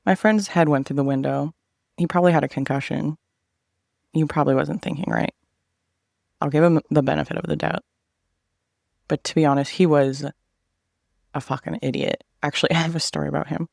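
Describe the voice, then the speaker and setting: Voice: mid-range voice, fairly even intonation, brisk, vocal fry, pauses often, darkish tone, no room sound, clean studio sound. A man in his thirties telling a personal story in a casual vlog chat, swearing freely and acting out what other people said.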